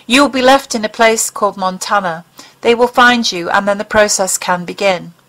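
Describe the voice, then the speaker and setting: A woman voices a cold alien captor in an audiobook. It speaks in calm, measured, commanding tones, condescending and unhurried, at an ordinary mid pitch. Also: natural voice, rough recording.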